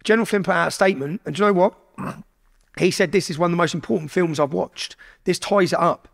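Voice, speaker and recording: A man's voice: high-pitched, fast talker, gravelly. A man from England, a podcast guest telling a story casually, with lots of swearing and quoted dialogue. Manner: heavy swearing, animated retelling with quoted dialogue.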